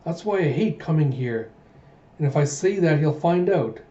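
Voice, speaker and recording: A man's voice: on the high side, expressive, moderate pace, mellow, lightly acted. A man doing a sulky young princess. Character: young princess, teen girl, spirited and sulky. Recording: dull roomy home recording.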